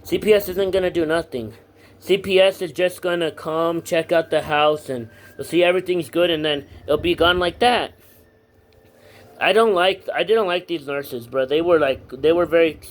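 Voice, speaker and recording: A man's voice: a little high, normal speed. A teenage boy telling a personal story to camera in a casual vlog, rambling with lots of fillers and blunt swearing. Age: teens. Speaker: vlogger.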